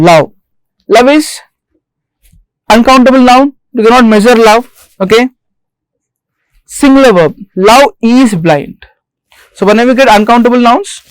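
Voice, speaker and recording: A man giving a recorded grammar lecture as a lecturer, stressing single words slowly and repeating each rule and example. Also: sits high, dry recording, rough recording. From India. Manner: repeats rules and examples deliberately. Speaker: English lecturer.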